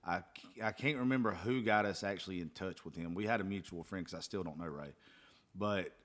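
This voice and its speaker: Low-voiced casual podcast host man. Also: brisk, fairly bright tone. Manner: loose, rambling, swears casually.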